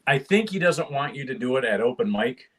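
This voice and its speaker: A man's voice: mid-range voice, expressive, a little fast, slightly rough. An older man hosting a casual chat about comedy and sports, rambling and laughing between his stories. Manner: rambling, frequent restarts, laughs often. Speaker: podcast host.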